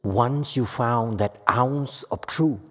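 A woman giving a Buddhist Dharma lecture to a live audience. She is emphatic and playful, swinging from quiet asides to loud outbursts. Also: rumbling low, slow. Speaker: Buddhist teacher. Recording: echoey hall with long reverb.

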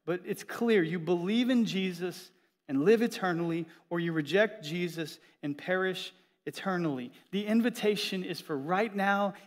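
With a high-pitched voice and a moderate pace, this middle-aged pastor delivers a church sermon full of lively, playful storytelling.

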